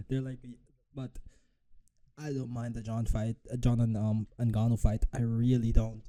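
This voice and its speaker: A man reacting live to a press conference clip, swearing often and mocking the speakers with quick impressions. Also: medium pitch. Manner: profane, animated, mocks with impressions. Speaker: reaction streamer.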